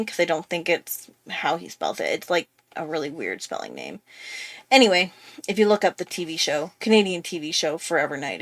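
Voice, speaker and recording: A woman's voice: fairly low pitch, no echo. Chatty young woman rambling through a story. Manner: chatty, rambling, full of fillers. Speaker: art YouTuber. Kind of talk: casual storytelling.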